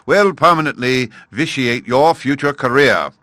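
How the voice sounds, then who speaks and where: A man's voice: medium pitch, animated, a little slow, bright, forceful tone, dry recording, studio quality, pitched above the performer's own voice. A man voicing a pompous, long-winded python rock snake who speaks in grand formal phrases. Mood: pompous, urgent.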